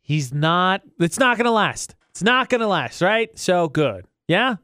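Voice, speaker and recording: A man's voice: high-pitched, a little slow, no room sound, studio quality. A man co-hosting a radio show, chatting casually and often mocking people in exaggerated voices. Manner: animated, mocking voices for bad parkers.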